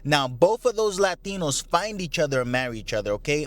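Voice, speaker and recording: A man's voice: on the high side, expressive, normal speed, few pauses, a bit bright. A Puerto Rican man hosting a podcast, delivering a profane comedic rant and switching freely between English and Spanish. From Puerto Rico. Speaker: podcast host.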